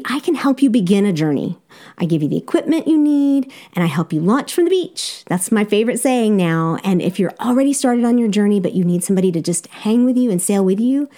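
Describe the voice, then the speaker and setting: Upbeat Southern woman coaching, mellow voice. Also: mid-range voice. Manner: upbeat, direct, encouraging, laughs easily. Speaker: life coach and podcast host. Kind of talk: solo podcast coaching talk.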